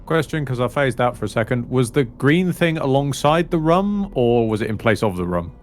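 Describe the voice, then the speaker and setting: A man's voice: mid-range voice, expressive, moderate pace, a little hiss or hum. A man chatting casually as a player at a tabletop game. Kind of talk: casual chat.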